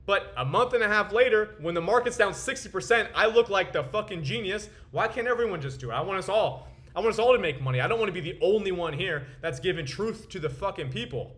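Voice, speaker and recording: High, forceful young man ranting profanely. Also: lively intonation, quick pace, few pauses. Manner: profane, boastful, frustrated. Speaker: crypto trader and video host. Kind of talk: ranting market commentary to camera.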